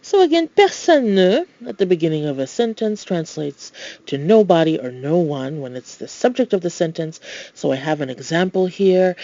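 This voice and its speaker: Gravelly-voiced language tutor, dry and dull. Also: mid-range voice, lively intonation, moderate pace, dark tone, no echo. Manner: explains patiently, with playful asides; switches between English explanation and French example phrases. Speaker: French tutor. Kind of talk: recorded language lesson.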